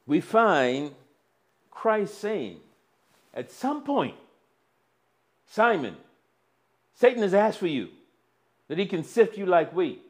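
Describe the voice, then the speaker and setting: A man preaching a sermon, slow and deliberate, with dramatic swings between loud emphasis and near-quiet. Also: a little high.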